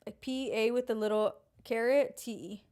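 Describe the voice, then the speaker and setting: A woman's voice: a little high, normal speed, a little mellow. A woman co-hosting a podcast, chatting in a playful, crude and teasing way. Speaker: podcast co-host. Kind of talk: casual podcast chat.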